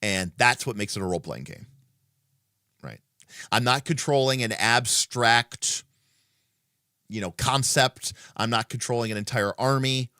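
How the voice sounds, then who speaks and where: A man's voice: medium pitch, a little slow, pauses often, sharp tone, dry recording, clean studio sound. A man hosting a casual livestream who thinks aloud, with many fillers and restarts, in an emphatic, opinionated way. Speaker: livestream host.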